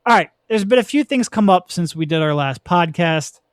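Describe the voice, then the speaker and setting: A man's voice: sits high, expressive, clean tone, dry recording, clean studio sound. Chatty man hosting a sports podcast. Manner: chatty, laughs easily, quick asides. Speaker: podcast host. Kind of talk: casual sports podcast chat.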